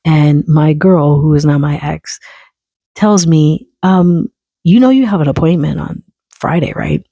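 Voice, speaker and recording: A man's voice: fairly high pitch, a little slow, creaky, warm tone, no echo. A man telling a personal story in a casual, candid and profane monologue, early in his time on testosterone. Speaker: vlogger.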